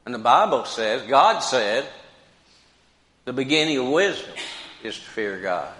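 An older man preaching a sermon slowly and emphatically, repeating key phrases for weight. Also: medium pitch, lively intonation, a bit bright. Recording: roomy hall with long reverb.

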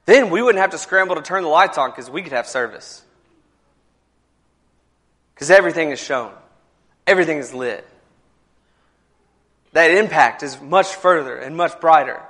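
Male pastor, sermon in a church, slightly high pitch, conversational with emphatic builds. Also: expressive, moderate pace, pauses often, fairly bright tone. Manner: conversational, repeats words, builds to emphatic passages.

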